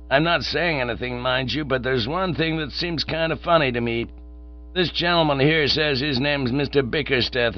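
A man's voice: mid-range voice, voice pushed up, close to an everyday voice. A man voicing a stout, cold-eyed American businessman who speaks bluntly and insistently, on a dull recording with a mains hum.

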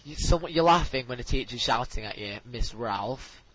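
A man's voice: medium pitch, lively intonation, normal speed, a bit bright, breathy edge. A teenage boy, chatting casually as co-host, giggly and prone to mimicking teachers, a bit wheezy from laughing. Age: teens. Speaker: podcast co-host. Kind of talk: casual chat. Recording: dull lo-fi home recording.

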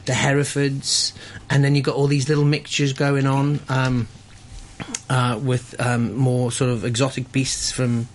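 Man, chef guest, casual radio chat, halting, lots of ums and restarts, studio mic, faint ambience. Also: mid-range voice, level tone, a little hiss or hum. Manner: halting, many fillers and restarts.

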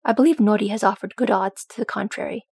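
A woman's voice: medium pitch, quick pace, gravelly, darkish tone, breathy edge, no echo, clean studio sound. A woman voicing a proud, brooding male dwarf prince who speaks in a curt, grumbling way.

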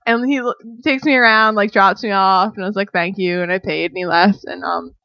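A woman's voice: medium pitch, steady tone, a little fast, creaky, bright, forceful tone, no room sound. A young woman chatting casually and telling a long, rambling story, full of "like" and little laughs. Her voice sits in a middle range. The recording is dry and slightly dull. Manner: rambling, frequent "like", laughs often. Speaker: storyteller guest. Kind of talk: casual chat.

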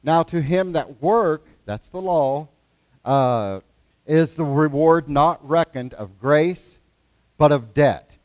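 Male preacher, raised pitch, homespun chatty sermon delivery, dry close sound. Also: slow, dry recording. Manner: folksy, plain-spoken, quotes scripture, chuckles. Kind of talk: conversational sermon.

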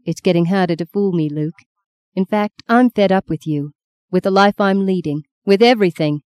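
A woman's voice: mid-range voice, moderate pace, a little mellow, dry recording, clean studio sound, close to an everyday voice. A woman reading an audiobook, voicing a young wife who speaks sharply and resentfully. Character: young wife, fed up and defiant.

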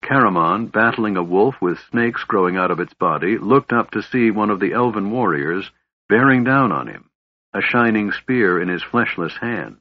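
Man, audiobook narrator, husky, low, measured, slightly dull recording. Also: animated. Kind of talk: scripted narration.

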